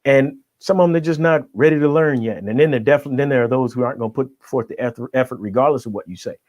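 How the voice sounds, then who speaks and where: A middle-aged guest coach on a podcast gives an emphatic motivational talk, checking in with his listener after each point with a quick "right?". His mid-range voice has a darkish tone and comes at a rapid-fire pace, in a dry recording.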